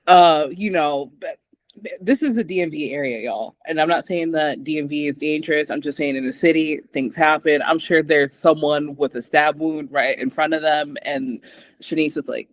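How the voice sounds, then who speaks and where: Co-host, man, higher voice, sarcastic storytelling, close dry mic. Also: normal speed, no room sound. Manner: animated, sarcastic, acts out quotes. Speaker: podcast co-host. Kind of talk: casual recap chat.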